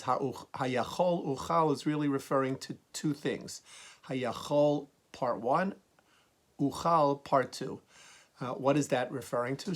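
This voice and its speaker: A rabbi gives a Torah lesson in a steady voice of middle pitch. He reads the verses slowly and then explains them plainly. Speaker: rabbi teaching Torah commentary.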